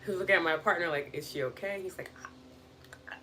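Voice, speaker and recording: A young woman with a somewhat low voice talks casually and earnestly to her live-stream viewers. She leans on "like" and slips into quoted inner voices as she reflects. A faint hum of background noise sits under her voice. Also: fast talker, long pauses, sharp tone. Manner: earnest, reflective, lots of "like" and "just". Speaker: wellness live-stream host.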